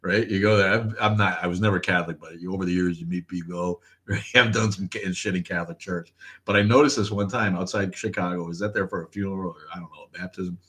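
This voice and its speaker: A man's voice: sits low, fairly even intonation, fast, fairly bright tone. A man hosting a casual livestream chat, telling loose stories, laughing often and swearing freely. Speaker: podcast host.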